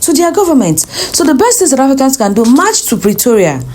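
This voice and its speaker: A woman's voice: sits high, big pitch swings, fairly quick, darkish tone. A woman giving emphatic opinion commentary, often repeating her points.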